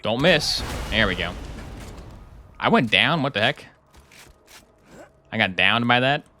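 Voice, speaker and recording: A man's voice: mid-range voice, lively intonation, takes it slowly, bright, forceful tone, slight background noise. A young man streaming a game live, chatting casually and joking with his chat while he plays. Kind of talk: live gameplay commentary.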